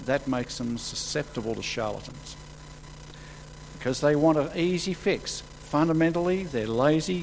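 A man preaching a sermon, acting out the quotes he reads with sudden rises in pitch and volume. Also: gravelly, a little hiss or hum, low-quality recording. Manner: animated, acts out quotes with sudden jumps in pitch and loudness.

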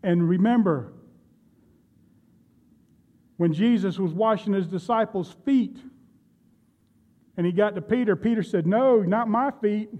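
A man's voice: high-pitched, measured pace, long pauses, warm tone, lo-fi sound. A man preaching a sermon, retelling Bible stories and speaking directly to his congregation. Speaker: pastor.

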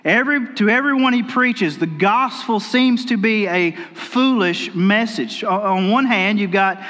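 Male pastor, sermon, folksy storytelling, high voice, reverberant church hall. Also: measured pace, fairly bright tone. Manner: folksy storytelling with repeated restarts. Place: church sanctuary.

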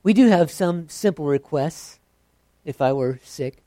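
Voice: medium pitch, expressive, normal speed, mellow, no room sound. A preacher giving a sermon in a conversational, self-deprecating way.

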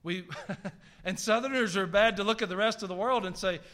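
A middle-aged pastor with a Southern US drawl preaches with emphatic punch, dropping folksy asides. His voice sits high for a man, with a bright, forceful edge. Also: moderate pace. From American South. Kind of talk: sermon.

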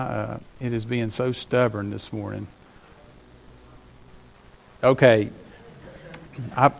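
A man's voice: mid-range voice, vocal fry. A man preaching a Sunday sermon to his congregation, conversational and rising in emphasis on key points. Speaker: pastor.

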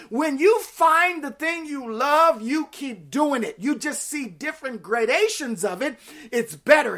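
A woman with a high voice preaches to her church, keeping her sermon conversational and lively. She breaks off for playful asides to the people in front of her. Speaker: pastor.

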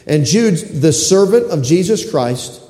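Echoey hall reverb fills the church sanctuary as a middle-aged pastor delivers his sermon, very animated yet a little slow. His fairly high voice has a dark tone, and he preaches emphatically and repetitively, often calling for the congregation's response.

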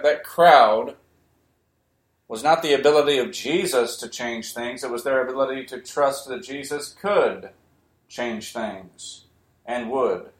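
A man preaching a sermon, emphatic and repeating key phrases, sometimes raising his voice. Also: medium pitch. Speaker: pastor. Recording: echoey room.

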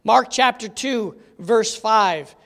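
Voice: medium pitch, takes it slowly, fairly bright tone. A Bible teacher giving an interactive lesson, telling stories with animation and asking the audience questions. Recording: long hall reverb.

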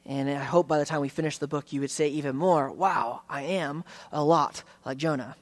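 A pastor giving an earnest, conversational sermon in a church, often restarting phrases and slowing down on key words. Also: male voice, high voice. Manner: earnest, conversational preaching with frequent restarts and slowed emphasis.

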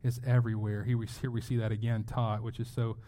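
A medium-pitched man speaks at a quick pace. He's a middle-aged pastor preaching a sermon in a casual, conversational and animated way, acting out quotes from the people in his story.

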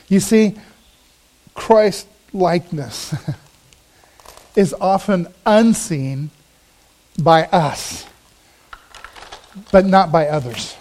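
A man's voice: high-pitched, a little mellow. A man, a pastor, preaching a sermon, telling a personal story in an earnest, storytelling way with emphatic swells.

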